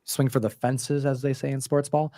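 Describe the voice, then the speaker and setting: This show host and comic book co-writer discusses his comic work in a casual interview, rambling, restarting and using many fillers. His mid-range voice is mellow and flat at normal speed, recorded dry.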